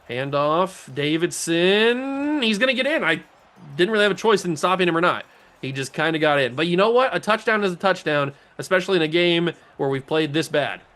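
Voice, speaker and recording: A man with a slightly higher-than-average voice calls his own video game session play by play, cracking jokes and talking to himself. He drops to low mutters during tense moments and jumps into excited yells when something big happens. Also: brisk. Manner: joking, self-talking, swings between mutter and excited yells. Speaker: gaming channel host.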